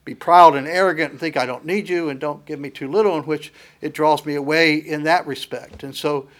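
Earnest preaching man, slightly high voice. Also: fairly even intonation, fairly quick, a bit bright. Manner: earnest, emphatic teaching with frequent fillers and restarts. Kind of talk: sermon.

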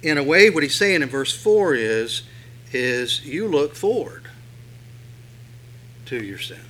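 A man preaching a sermon in a conversational way, asking rhetorical questions and swelling louder when he reads scripture. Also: on the high side, very animated, takes it slowly, low-quality recording. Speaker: pastor.

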